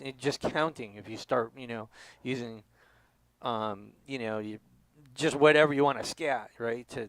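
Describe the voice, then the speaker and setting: A man giving a drum lesson, explaining stroke types and counting beats out loud. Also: mid-range voice, poor audio. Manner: explanatory, counts aloud with accents. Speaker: drum instructor. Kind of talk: demonstration lesson.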